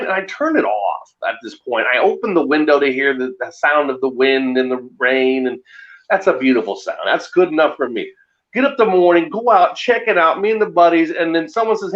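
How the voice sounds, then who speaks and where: A man telling a ghost story in a casual, animated way, laughing often. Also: a little high, moderate pace, muffled recording. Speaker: guest.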